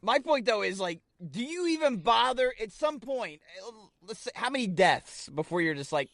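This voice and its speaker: Co-hosting a podcast, a man with a very high-pitched, creaky voice chats casually at normal speed, rambling, swearing and getting excitable as he tells stories. The recording has no room sound.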